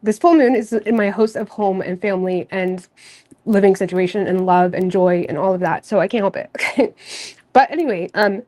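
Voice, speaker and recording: A woman's voice: mid-range voice, normal speed. Chatty rambling woman from Nova Scotia. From Nova Scotia, Canada. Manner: rambling, candid and chatty, with frequent fillers and soft laughs. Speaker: tarot reader and channel host. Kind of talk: casual livestream chat.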